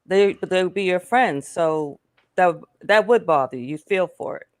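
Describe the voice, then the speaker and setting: A woman co-hosting a casual talk show, chatting in an animated, conversational way. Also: fairly low pitch, moderate pace. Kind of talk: casual live show chat.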